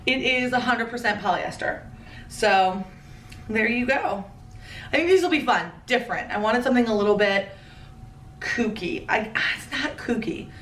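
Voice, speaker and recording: A woman in her thirties giving a chatty, playful fashion haul commentary with quick asides. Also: a little high, expressive, a bit bright, roomy sound, far from the mic, a little hiss or hum. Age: 30s. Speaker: fashion vlogger.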